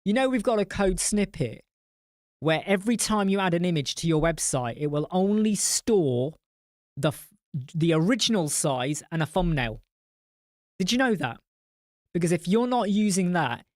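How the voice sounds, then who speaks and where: A man's voice: on the high side, no echo, clean studio sound. A man hosting a live-stream chat, swearing bluntly as he tells client stories and answers viewer comments. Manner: blunt and profane. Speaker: host.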